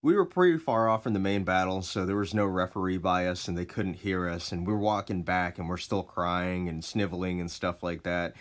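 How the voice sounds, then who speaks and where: A man casually telling a story, laid-back and expressive, with plenty of swearing. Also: low-pitched.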